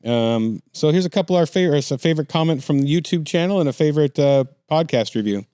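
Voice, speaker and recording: Man riffing in a rambling, animated way. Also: on the high side, quick pace, smooth, no echo, studio quality. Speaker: podcast co-host. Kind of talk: casual comedic chat.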